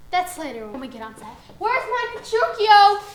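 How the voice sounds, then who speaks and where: Fussy, theatrical drama teacher, played by a woman; very high and lively voice in a roomy space. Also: moderate pace. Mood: theatrical coaching. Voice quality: theatrical, coaxing, calls people dear. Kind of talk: student film acting. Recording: roomy echo.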